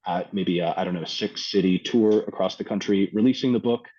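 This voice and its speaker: Low-voiced reflective Canadian man. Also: brisk, dark tone, lo-fi sound. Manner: reflective, hesitant with many ums. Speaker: guest poet and filmmaker. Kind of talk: casual interview talk.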